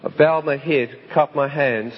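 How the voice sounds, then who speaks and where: A man's voice: fairly high pitch, steady tone, a little slow. A man giving a dramatic personal testimony, telling it vividly and acting out the other voices. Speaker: speaker telling his life story. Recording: dull recording with long hall reverb.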